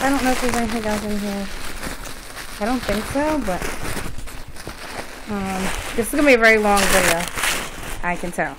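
A woman filming an unboxing vlog, talking in a nervous, excited and gushing way. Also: mid-range voice, moderate pace, long pauses, noisy background. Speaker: vlogger. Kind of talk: unboxing vlog, casual chat.

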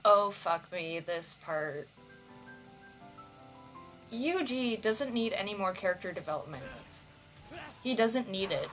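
A woman reacting to an anime episode in a slow, unhurried way, her pitch swinging widely from low to high. Her voice is bright and sharp, and she talks back to the screen and swears freely. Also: lively intonation, soft background music. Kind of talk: reaction commentary.

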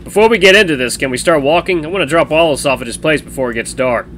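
A man voicing a stoic, gruff young man who is a protective older brother, curt and firm. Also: a little high, fast talker, a bit bright, slight background noise, voice pushed up, natural voice.

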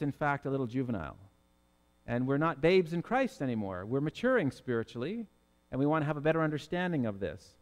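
A male pastor giving an expository sermon, reading scripture slowly and explaining it in a conversational way. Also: a little high, long reverb tail. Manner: conversational, gently self-correcting, reads verses slowly.

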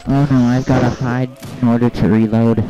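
A man's voice: mid-range voice, flat delivery, a little fast, mellow, muffled recording. A man giving live play-by-play of his own game, reporting his moves and his deaths as they happen. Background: game music and gunfire.

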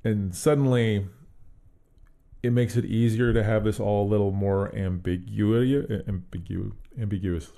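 A man with a low, gravelly voice and a dark, mellow tone talks through a tabletop adventure in casual podcast chat. He thinks aloud as he goes, restarting sentences and hedging his points. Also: fairly even intonation, normal speed. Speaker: podcast co-host.

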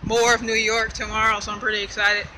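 A woman's voice: a little high, flat delivery, brisk, bright, forceful tone. A woman vlogging in a casual, upbeat way, often exclaiming as she tours a town at night. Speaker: travel vlogger. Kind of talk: casual vlog narration. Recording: noisy street background.

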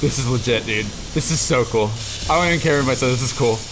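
Excitable young man with jittery gushing. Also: medium pitch, quick pace, music in the background. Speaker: student reaction vlogger. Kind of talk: live reaction commentary. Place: at home. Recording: steady background hiss, noisy room.

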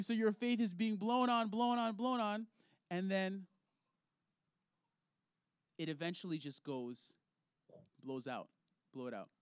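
A playful man runs a hands-on faith lesson for children and laughs easily with his young volunteers. His voice sits fairly high. The sound is dry, with little room echo. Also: clean tone. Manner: upbeat, playful, laughs often. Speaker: children's ministry leader. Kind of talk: object lesson for kids.

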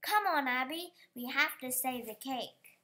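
Clever watchful tomcat, urgent and eager, storybook read-aloud, a woman doing the voice, slow. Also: high-pitched, animated, sharp tone, full character voice. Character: clever, watchful male house cat hero.

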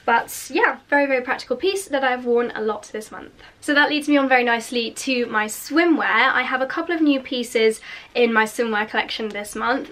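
A woman's voice: a little high, a bit bright. A young woman with a slight cold and a nasal voice, chatting through her new clothes in a casual fashion haul. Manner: chatty, gushing about clothes. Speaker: fashion vlogger.

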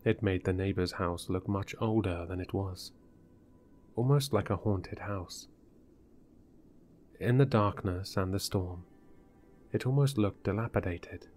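A man narrating a horror story in a measured, deliberate way. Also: deep voice, a little mellow, slight background noise.

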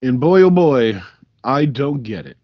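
A man's voice: medium pitch, expressive, measured pace, lo-fi sound, very noisy. A man co-hosting a podcast in casual, crude, joking banter, swearing freely. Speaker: podcast co-host. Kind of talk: casual chat.

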